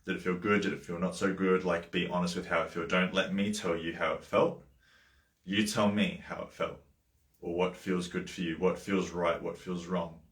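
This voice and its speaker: A man with a deep, low voice talks through a Bible chapter on a livestream, drifting into coaching asides. He speaks casually, full of fillers and small self-corrections. The sound is roomy, with a noticeable echo. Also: fairly even intonation, normal speed, a bit bright. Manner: loose and conversational, with many fillers, asides and small laughs. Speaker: life coach hosting a Bible study livestream.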